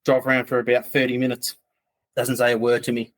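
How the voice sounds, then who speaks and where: A man's voice: mid-range voice, completely flat delivery, a little fast, fairly bright tone. A man, a podcast guest telling a story in a loose, rambling way. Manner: rambling, loose, full of "like" asides. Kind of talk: casual storytelling.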